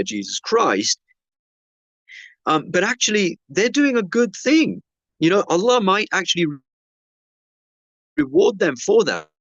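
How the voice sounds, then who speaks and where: A male preacher telling a personal story in a sermon, acting out the dialogue with lively shifts of voice. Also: a little high, no echo, dull audio. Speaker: Muslim preacher.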